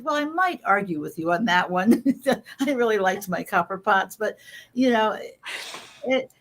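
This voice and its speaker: Woman guest on a podcast, earnest and emphatic, lots of quick asides. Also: mid-range voice, fairly bright tone. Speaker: guest author. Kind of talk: conversational interview.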